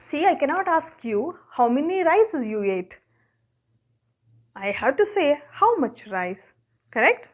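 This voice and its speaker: A woman's voice: high voice, big pitch swings, takes it slowly, long pauses. A woman with an Indian English accent teaching a grammar lesson, asking questions and answering them herself as she counts objects aloud. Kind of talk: classroom lesson.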